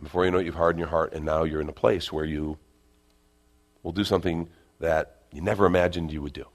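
Lower-voiced male pastor preaching animatedly. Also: quick pace. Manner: animated preaching, drops to quiet intensity, acts out inner voices. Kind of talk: sermon.

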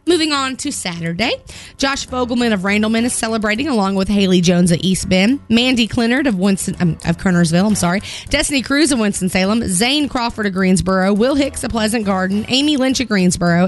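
A woman radio morning show host telling a story and reading announcements in an expressive, laughing way, her voice rising when she gets excited. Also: mid-range voice, fairly quick. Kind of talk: chatty on-air storytelling and announcements.

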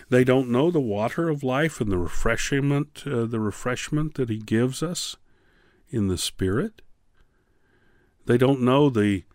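A man teaching a Bible class on the radio, preaching in a fervent, pleading way with slow, emphatic pauses. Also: mid-range voice, darkish tone, dry recording, studio quality. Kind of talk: radio sermon.

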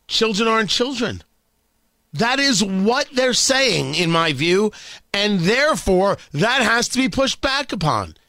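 Emphatic male radio host, lively pitch. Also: no echo. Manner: emphatic, sarcastic, repeats phrases for effect. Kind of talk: opinion monologue.

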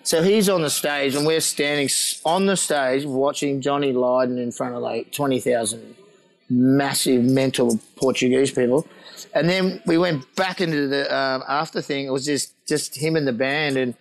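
This Australian man, medium-pitched with vocal fry, speaks at a moderate pace in a low-quality recording. He tells rowdy stories in casual conversation, animated and swearing, laughing while acting out quoted voices.

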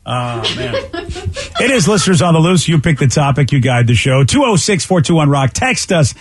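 A man's voice: a little high, sing-song, normal speed. A male radio host in casual morning show banter, joking and teasing his co-hosts.

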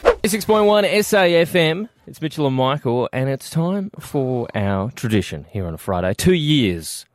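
Casting: male co-host, slightly higher voice, playful teaser, faint music under. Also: sing-song, normal speed, no echo, studio quality. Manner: teasing, laughs often, chimes in. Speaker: radio breakfast co-host. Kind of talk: casual radio banter. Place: radio studio. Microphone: studio microphone.

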